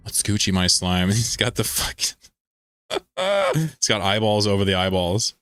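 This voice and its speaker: A man's voice: fairly low pitch, lively intonation, normal speed, bright, forceful tone, soft background music. A man from the American South chatting casually with viewers while streaming a game, rambling, offhand and profane. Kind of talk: casual live-stream chat over gameplay.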